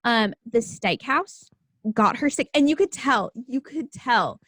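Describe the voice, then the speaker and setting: A young woman with a slightly high voice hosts a casual podcast, spinning stories with animated energy and acting out every character. Her talk is loose and full of "like". The sound is close and dry. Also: unhurried, no room sound. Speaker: podcast host. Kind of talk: casual storytelling chat.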